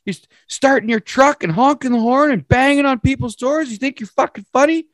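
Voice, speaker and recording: Man playing a furious motel guest, shrill, accusing, yelling, very high. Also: a little fast, no room sound, clean studio sound. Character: furious middle-aged male motel guest.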